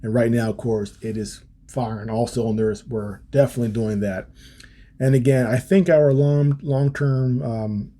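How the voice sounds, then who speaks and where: Man, podcast host, mid-pitched, dark mellow tone, casual commentary, halting with fillers. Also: fairly even intonation. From United States. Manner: casual, frequent ums and restarts, wry asides. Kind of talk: reading aloud and commenting on a policy paper.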